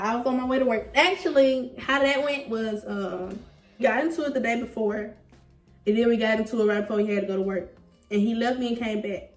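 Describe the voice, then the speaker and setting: A young woman in her twenties casually telling a story, animated and slangy, laughing as she goes. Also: medium pitch, echoey room, far from the mic. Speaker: vlogger telling a couple's story.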